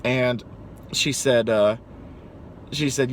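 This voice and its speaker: A young man, a pizza delivery driver, telling funny work stories in an animated, chatty way, casually cussing. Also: medium pitch, moderate pace, a little hiss or hum. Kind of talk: casual storytelling to camera.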